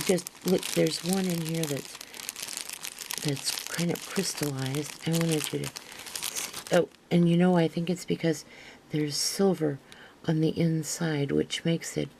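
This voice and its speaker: Soft, slow, low-voiced older woman gushing over crafts. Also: background noise. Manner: gushing, easily delighted, rambling with restarts. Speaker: craft vlogger showing a haul. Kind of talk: casual show-and-tell to camera.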